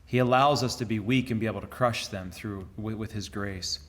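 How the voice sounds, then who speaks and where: A man's voice: fairly low pitch, fairly quick. A man, a friar giving a conversational talk to laypeople, telling stories earnestly and often repeating words as he goes. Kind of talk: conversational sermon.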